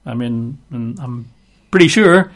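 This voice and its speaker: A man's voice: medium pitch, lively intonation, a little slow. A man teaching from the Bible in a chatty sermon style, with wry asides. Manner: chatty, wry asides between scripture readings. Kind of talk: conversational sermon.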